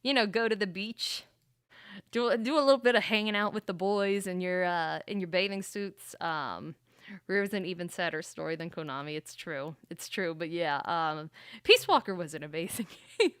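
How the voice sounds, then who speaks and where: A woman's voice: lowish voice, moderate pace, a bit bright, clear, resonant tone, no echo. Chatty woman streamer, dry close mic. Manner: rambling, chatty, often laughing. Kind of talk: casual livestream chat.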